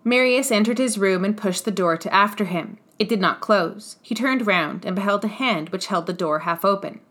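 A woman hosting a storytelling podcast, calmly reading chapters of a classic novel aloud. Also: mid-range voice, moderate pace, hardly any pauses.

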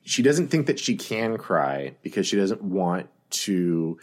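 A woman co-hosting a podcast in casual chat, low-key and giving short agreeing murmurs. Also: very animated, takes it slowly, a little mellow. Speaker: podcast co-host.

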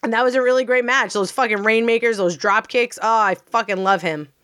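A woman's voice: on the high side, brisk, a bit bright, no echo, clean studio sound. A woman co-hosting a casual wrestling podcast, gushing and laughing often, swearing freely. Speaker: podcast co-host. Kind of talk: casual chat.

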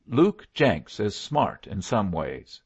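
A man reading an audiobook, voicing a plainspoken adult male Western lawman in a gravelly voice. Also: lowish voice, big pitch swings, slow, darkish tone, muffled recording, full character voice. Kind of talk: audiobook character voice.

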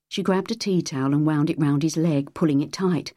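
A woman with a low-pitched voice narrates an audiobook in a measured, even storytelling style. The studio sound is clean, with no room sound.

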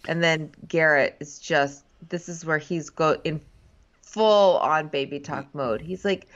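A woman's voice: sits low, a little slow, a bit bright, muffled recording. A woman co-hosting a casual recap chat with a wry, sarcastic manner. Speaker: podcast co-host.

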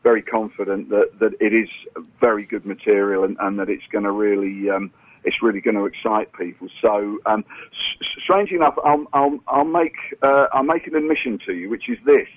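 A man from the UK, a guest in a phone interview, who talks haltingly and repeats words as he thinks. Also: on the low side, steady tone, slightly rough. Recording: tinny phone line.

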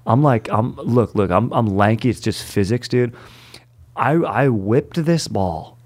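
A man's voice: mid-range voice, animated, unhurried, darkish tone. A young adult man hosting a casual chat, telling stories in laid-back bro slang. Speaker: podcast host.

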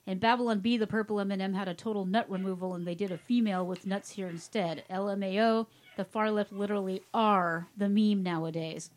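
A woman's voice: mid-range voice, fairly even intonation, brisk, hardly any pauses. A woman in casual conversation, riffing on online comments. She reads them out with heavy sarcasm and breaks into laughter often. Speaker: co-host.

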